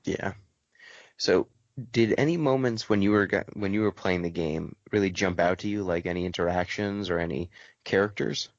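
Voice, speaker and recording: A man hosting a casual podcast discussion, telling stories in an animated, quick way. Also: sits low, no room sound, highs cut off. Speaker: podcast host.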